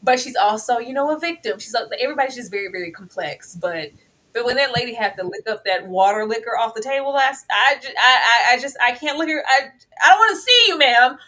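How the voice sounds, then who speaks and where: A woman co-hosting a casual TV review, talking in an animated way and scolding the characters as if they could hear her. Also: fairly high pitch, fast, poor audio. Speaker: co-host of a TV review show. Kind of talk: casual TV recap chat.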